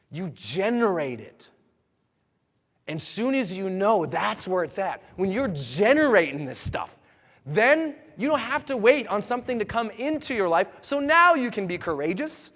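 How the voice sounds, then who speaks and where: A man's voice: high-pitched, very animated, a little slow, a bit bright. A man giving a motivational seminar talk to a live audience, telling stories with energy and strong emphasis. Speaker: motivational speaker. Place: large hall with live audience. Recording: echoey hall reverb.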